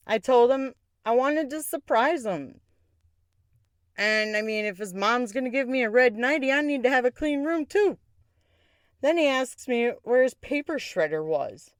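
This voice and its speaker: A woman hosting a podcast, telling a personal story in a candid way, swearing freely and jumping up in pitch for emphasis. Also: smooth, no room sound, clean studio sound. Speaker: podcast host. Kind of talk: casual storytelling.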